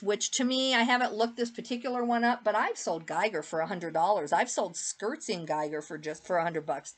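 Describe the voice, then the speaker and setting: A woman's voice: medium pitch, brisk, hardly any pauses. A woman reseller chatting casually through a clothing haul, rambling with lots of fillers and asides. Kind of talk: casual haul vlog chat.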